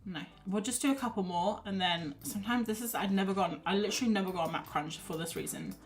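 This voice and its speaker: A woman's voice: medium pitch, fast talker. Chatty woman streamer, faint music behind. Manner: chatty, self-deprecating, thinks aloud while reading chat. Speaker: art streamer. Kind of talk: casual livestream chat.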